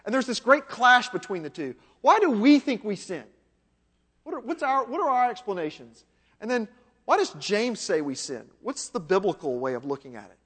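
A man with a notably high voice delivers a sermon as a pastor, speaking conversationally and asking his listeners question after question. His voice rings out with a long reverb, as if in a large church sanctuary. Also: sing-song, moderate pace, a bit bright, slightly rough. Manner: conversational preaching with rhetorical questions.

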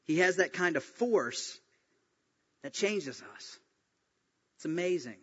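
A man preaching a sermon as a pastor, telling a story with lively acted-out voices. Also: high-pitched, slow pace, slightly rough. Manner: animated storytelling, acts out quoted voices. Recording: dull sound, long reverb in a hall.

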